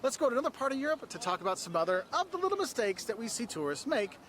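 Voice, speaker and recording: A man giving advice to tourists in a travel vlog, energetic and emphatic. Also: extremely high pitch, very fast. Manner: energetic, emphatic, acts out tourists in quoted voices. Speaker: travel video host.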